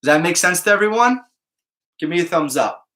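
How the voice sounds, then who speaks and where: Male math teacher, upbeat and casual, slightly high bright voice, keeps checking in with students. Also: expressive, fairly quick. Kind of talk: live online class talk to students.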